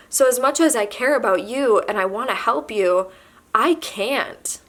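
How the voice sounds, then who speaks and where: A young woman vlogging to camera, halting and soft-spoken as she admits she is pregnant and emotional. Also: a little high. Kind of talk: candid emotional confession to camera.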